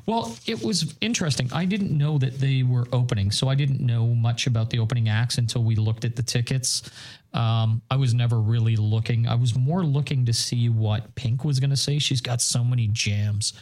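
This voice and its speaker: A man's voice: medium pitch, fairly even intonation, moderate pace, a little mellow. A man from Northern Ireland co-hosting a podcast, chatting eagerly and rambling with lots of fillers. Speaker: podcast co-host. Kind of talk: casual chat.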